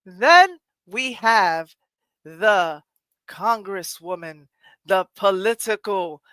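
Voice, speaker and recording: A woman's voice: medium pitch, expressive, extremely slow, fairly bright tone, clean tone, no echo. A woman with a New York accent hosting a live-streamed poetry show over a video call, playful and laughing often. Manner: playful, laughing often, tries on put-on voices. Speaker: host. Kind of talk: casual live-stream chat.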